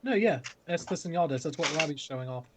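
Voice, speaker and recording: A man's voice: on the high side, expressive, fast talker, background noise. A man running a tabletop role-playing game as game master on a livestream, with a dry, teasing manner.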